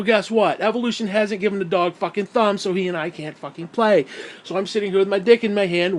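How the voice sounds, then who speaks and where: A man ranting heatedly about a video game at home, swearing constantly in an angry, profane tirade. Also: high voice. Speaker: gaming YouTuber. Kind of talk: angry gaming rant.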